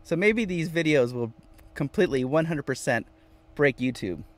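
A man's voice: on the high side, animated, moderate pace, no room sound. A man hosting a casual live stream from inside his van, reading viewer comments aloud and repeating phrases playfully. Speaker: vanlife livestream host.

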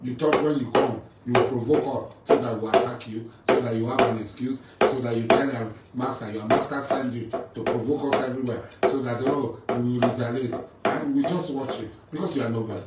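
A middle-aged man with a Nigerian English accent and a mid-range voice, a militant leader, rants angrily at a rival, taunting, confrontational and mocking. He speaks fairly quickly with few pauses. The mic is distant and the room sounds roomy, with faint ambient noise.

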